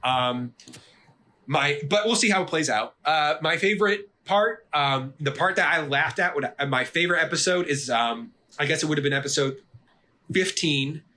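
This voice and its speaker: Bright-voiced male podcast co-host. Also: a little high, normal speed. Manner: animated, swearing, acts out characters' lines. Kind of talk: casual chat.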